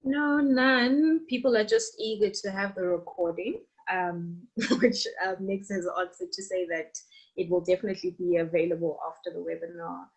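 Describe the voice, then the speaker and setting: Young woman, husky voice, friendly, webinar moderator. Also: on the low side, fairly even intonation, normal speed, low-quality recording. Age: young adult. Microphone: video call.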